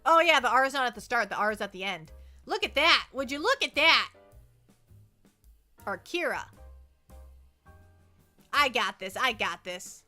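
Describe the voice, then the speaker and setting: A young woman streamer with a high, bright voice chats casually into a close mic, rambling and poking fun at herself. She often stumbles and repeats words mid-sentence. Faint music plays behind her. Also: lively intonation, a little fast. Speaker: VTuber streamer. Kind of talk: casual livestream chat. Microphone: close desk mic.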